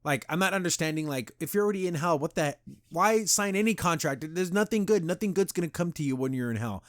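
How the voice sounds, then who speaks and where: Guy doing a chill review podcast, dry close sound, gets animated retelling scenes. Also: a little high, fast, no room sound. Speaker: podcast host. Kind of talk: casual episode review.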